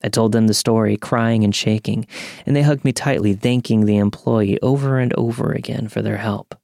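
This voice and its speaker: A young man narrates a true scary story in a calm, measured way. His voice sits low with a gravelly edge. The recording is close and dry. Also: no room sound.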